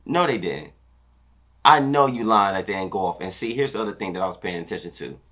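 Hyped man counting beats aloud, low voice. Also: expressive, normal speed, fairly bright tone. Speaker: dance teacher reacting to choreography. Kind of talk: excited reaction commentary.

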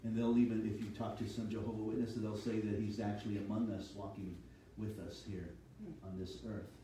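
A man's voice: fairly low pitch, little pitch movement, a little fast, dark tone, distant mic, a little hiss or hum. A man preaching a sermon as a pastor, teaching steadily and reading scripture aloud. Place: church sanctuary. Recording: echoey hall, voice from off-mic.

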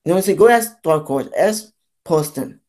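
A young adult vlogger in their twenties, speaking at a mid pitch in a long, rambling rant. They sound fed up and keep circling back to the same complaints, tripping over false starts along the way. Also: animated, a little fast, darkish tone. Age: 20s. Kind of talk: ranting vlog monologue.

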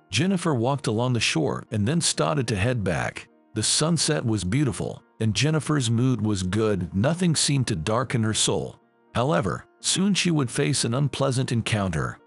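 Male narrator for scripted story, gravelly, husky, lively pitch.

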